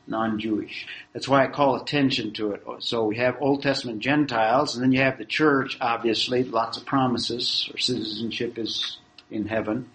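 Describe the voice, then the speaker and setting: A man teaching a Bible class in a measured, explanatory way, reading scripture aloud and taking questions. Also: medium pitch, a bit bright, low-quality recording. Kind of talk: classroom lecture.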